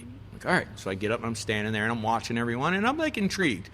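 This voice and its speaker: A man telling a story on a podcast in a lively, loose way, full of swearing and fillers, his voice sitting at a middle pitch. He leans into the voices of the people he quotes, and there is a faint hiss of noise behind him. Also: fast talker. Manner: animated, profane storytelling with many fillers. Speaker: chef, podcast guest. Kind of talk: casual storytelling interview.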